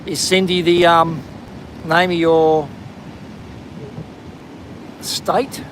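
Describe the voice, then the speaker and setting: A man's voice: fairly high pitch, little pitch movement, very slow, fairly bright tone, a little hiss or hum, rough recording. A man with an Australian accent hosting a live stream while walking outdoors, chatting casually and greeting viewers by name. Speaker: livestream host. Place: outdoors on a windy coastal headland.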